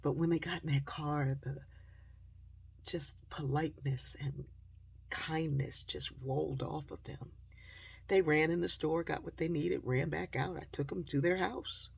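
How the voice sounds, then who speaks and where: A woman telling a story straight to her audience, lively and acting out the voices of the people in it. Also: sits low, measured pace, vocal fry, husky. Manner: lively storyteller who acts out quoted voices.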